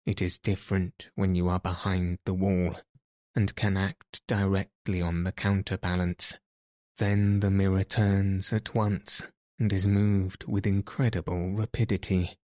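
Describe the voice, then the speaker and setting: Grave Persian guide, low mellow voice, measured, read by a man. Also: flat delivery, dry recording, studio quality. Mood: cautious. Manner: measured, cautious, mournful.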